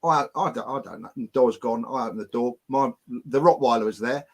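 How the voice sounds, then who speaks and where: A man's voice: medium pitch, fairly quick, gravelly. A man hosting a live stream, telling stories in blunt, defiant, heavily profane casual chat. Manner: blunt, heavy swearing, defiant.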